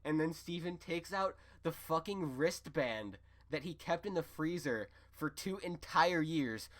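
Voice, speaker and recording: A man's voice: a little high, lively intonation, a little slow, fairly bright tone. A young man on a podcast, rambling and swearing as he recaps a cartoon plot with lots of fillers. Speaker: podcast co-host. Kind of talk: casual chat, recapping a show.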